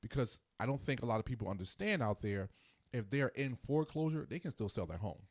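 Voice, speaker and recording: A man in his forties hosting a casual podcast chat, ranting in an animated way and mimicking others in quick asides. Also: mid-range voice, husky, no echo. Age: 40s. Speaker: host.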